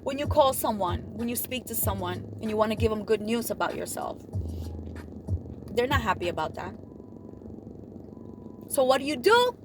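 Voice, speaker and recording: A woman giving motivational advice in an animated way, often acting out what other people say. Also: normal speed, long pauses, over music. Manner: animated, acts out quoted dialogue with big pitch swings. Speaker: motivational vlogger.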